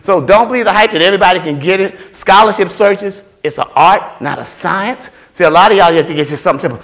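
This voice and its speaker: A man giving an animated motivational talk to students about finding scholarships, playful and repetitive, acting out voices and sounds. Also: sits high, quick pace, hardly any pauses. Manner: playful, repeats phrases, acts out voices and sounds. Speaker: scholarship workshop speaker.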